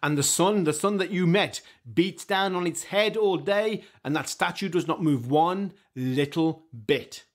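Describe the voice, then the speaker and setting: A man's voice: high voice, measured pace, hardly any pauses. A male storyteller voicing the wind as an emphatic, boastful figure in a told story. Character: boastful wind that blows every way.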